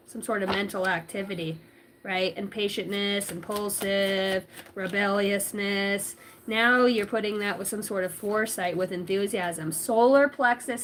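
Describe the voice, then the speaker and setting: A woman's voice: mid-range voice, moderate pace, fairly bright tone, a little hiss or hum. A woman doing a casual livestream tarot reading, giggly and rambling, cussing freely. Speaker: tarot reader.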